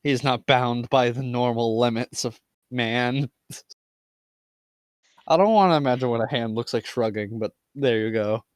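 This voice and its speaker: A player describing their character's actions in a tabletop game in a relaxed way. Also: mid-range voice, unhurried, no room sound, studio quality. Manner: relaxed, narrates own character. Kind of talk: tabletop role-play chat.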